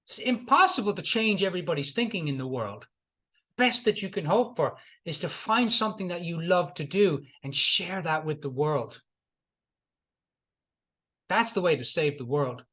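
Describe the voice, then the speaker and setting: A man's voice: a little high, animated, normal speed, pushed and bright. A middle-aged man, a life coach, giving a motivational talk and retelling client stories, repeating key lines for emphasis.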